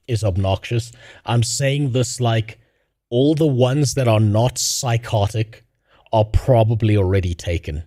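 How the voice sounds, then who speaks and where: A man riffs casually on a livestream, sarcastic and quick to swear. His voice is dark and mellow, and it is recorded close with no room sound. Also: mid-range voice, no echo. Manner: blunt, profane and sarcastic. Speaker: streamer reacting to videos. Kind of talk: casual livestream reaction chat.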